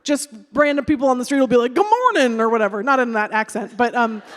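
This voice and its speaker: A woman in her thirties on a live panel, animated and self-mocking, acting out what people say. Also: on the high side, quick pace. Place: large hall on stage. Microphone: stage microphone. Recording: reverberant hall.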